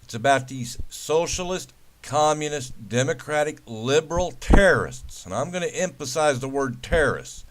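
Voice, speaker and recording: A man's voice: a little high, animated, moderate pace, few pauses, a little hiss or hum. A man delivering a ranting commentary, hammering home lists of words with emphasis.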